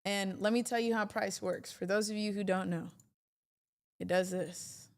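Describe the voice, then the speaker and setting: A woman streaming live from her desk, chatting away as she walks viewers through charts. She talks in an animated, easygoing way into a computer mic and reacts to her audience as she goes. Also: mid-range voice, moderate pace, creaky. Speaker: trading livestream host. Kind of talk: casual livestream chat.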